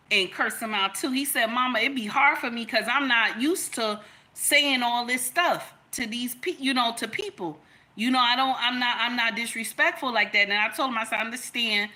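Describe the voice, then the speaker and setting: A woman's voice: on the high side, bright, forceful tone. A woman, giving an emphatic, storytelling opinion monologue in which she repeats her points. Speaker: content creator.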